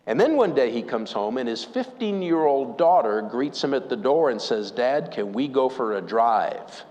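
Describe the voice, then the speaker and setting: Man preaching in a reverberant church. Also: a little high. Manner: storytelling, asks the congregation questions. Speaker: pastor. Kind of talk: sermon.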